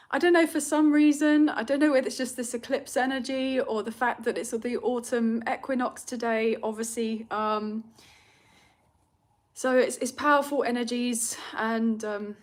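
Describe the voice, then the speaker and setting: London woman, tarot reader, livestream chat, emotional and rambling, slightly high voice. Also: steady tone, unhurried. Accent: British, London. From Britain. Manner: emotional, rambling, with many fillers and nervous laughs. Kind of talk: casual livestream chat reading comments.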